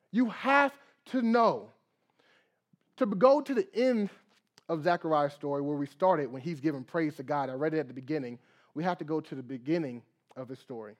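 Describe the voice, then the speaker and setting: A young man preaching a sermon as pastor, reading scripture, praying, and acting out little dialogues with lively energy. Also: high voice. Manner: animated preaching with acted dialogue and prayer.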